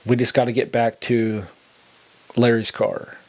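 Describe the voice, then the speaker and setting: A man's voice: mid-range voice, flat delivery, unhurried, darkish tone. A middle-aged man earnestly telling a personal story on a podcast, acting out what people said. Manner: earnest, acts out quoted dialogue. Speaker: podcast host telling his testimony.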